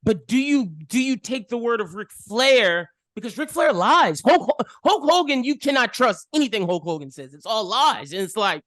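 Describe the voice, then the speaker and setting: A woman co-hosting a casual film review podcast, animated and ranting with rapid opinions. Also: on the high side, dry recording. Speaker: podcast co-host.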